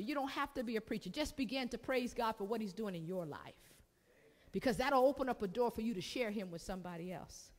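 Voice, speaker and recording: A woman pastor delivers a sermon, building with repeated phrases and calls for an answer from the congregation. Her voice sits a bit high, and it rings out with the long reverb of a church hall. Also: brisk. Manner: preaching with call-and-response and repetition. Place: church sanctuary.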